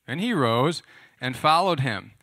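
A man's voice: mid-range voice, animated, measured pace, sharp tone, no room sound, clean studio sound. A man preaching a casual, conversational sermon, explaining scripture and asking his listeners questions. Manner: conversational, asks the audience questions. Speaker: pastor. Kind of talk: sermon teaching.

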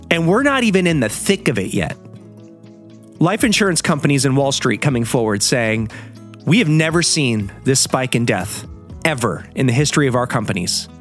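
Fired-up man ranting, lively pitch. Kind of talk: heated solo monologue.

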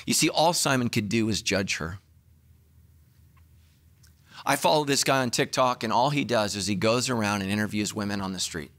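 A middle-aged man preaching a sermon as a pastor, telling the story with acted-out dialogue and sudden swings between loud and hushed. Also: fairly quick. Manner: animated storytelling, acting out dialogue with big pitch swings.

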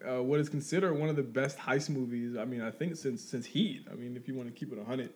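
A man's voice: mid-range voice, fast talker, darkish tone. A man co-hosting a casual movie podcast, easygoing and laughing along. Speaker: podcast co-host.

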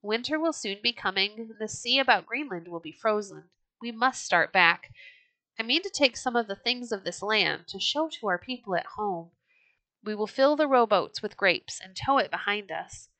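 Woman reading bold Norse leader, firm, commanding, storybook, bright voice, dry close sound. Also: medium pitch, animated, normal speed, no room sound. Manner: firm and earnest storybook delivery.

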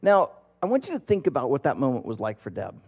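A man's voice: mid-range voice, huge pitch swings, fast talker, creaky, a little mellow, breathy edge. A man in his thirties, a pastor, preaching a conversational sermon and telling a story with plenty of fillers and restarts.

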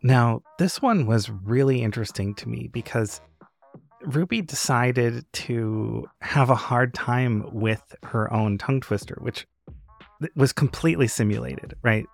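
A man hosting a podcast in relaxed, casual chat, hesitant, with frequent restarts. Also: mid-range voice, a little slow, vocal fry, no room sound, soft background music. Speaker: podcast host.

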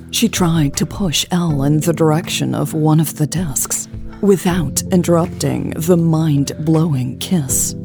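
A woman narrating a romance audiobook in a hushed, half-whispered, intimate voice. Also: deep voice.

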